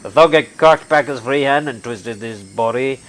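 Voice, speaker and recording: A man hosting a let's play, reading a visual novel aloud with animated laughing asides and swearing, with traffic noise behind. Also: mid-range voice, moderate pace.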